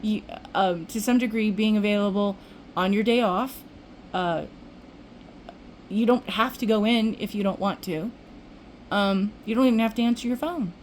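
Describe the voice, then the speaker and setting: A woman's voice: medium pitch, normal speed, long pauses, a little mellow, a little hiss or hum, low-quality recording. An older woman vlogging, telling a rambling everyday story in casual chat with restarts. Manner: chatty, rambling, with restarts and acted-out quotes.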